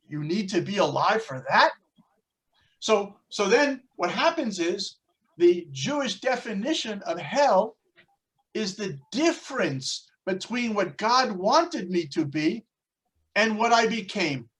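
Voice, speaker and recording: Slow-speaking man teaching a Torah class. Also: high-pitched, poor audio. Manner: animated storyteller, shifts voice for quotes. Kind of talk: religious lesson with dramatic storytelling.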